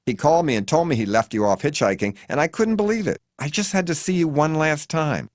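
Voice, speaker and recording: A man's voice: a little high, animated, brisk, no echo, studio quality, pitched above the performer's own voice, close to an everyday voice. A man voicing a chatty, dotty elderly woman with a nasal, sing-song, off-kilter lilt in an audiobook. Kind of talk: audiobook character voice.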